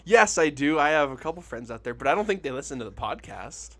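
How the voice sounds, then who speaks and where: A man's voice: a little high, fast. A man with a Montana accent co-hosting a podcast in casual chat, with dry, teasing jokes. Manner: deadpan teasing. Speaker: podcast co-host.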